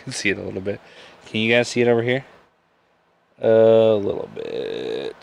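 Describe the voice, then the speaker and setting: A man's voice: on the low side, sing-song, normal speed, gravelly. A man hosting a live beer podcast, rambling and joking crudely, laughing often. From Nebraska. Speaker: podcast host. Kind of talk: casual live-stream beer chat.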